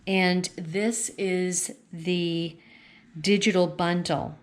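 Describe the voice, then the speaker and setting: A woman with a lowish voice talks slowly and chattily, gushing over each page of a craft catalog as she thinks aloud. She sounds relaxed and unscripted, recorded at home with a faint hiss of noise behind her. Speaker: consultant showing a craft catalog. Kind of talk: casual catalog walkthrough vlog.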